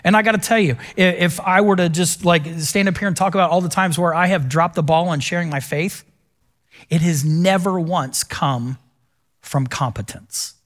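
A man's voice: sits high, normal speed, a bit bright. A middle-aged male pastor preaching a sermon in a conversational, self-deprecating storytelling manner.

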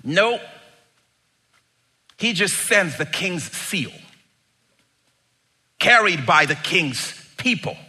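A middle-aged man preaching a sermon, dramatic and emphatic, moving between quiet asides and loud bursts. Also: high voice, big pitch swings, very slow, pauses often. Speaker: pastor.

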